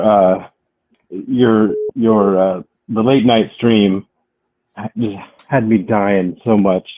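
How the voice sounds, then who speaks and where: A man calling in to a live show, rambling and halting, often laughing as he talks. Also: fairly low pitch. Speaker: caller. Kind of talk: phone-in chat. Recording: tinny phone line.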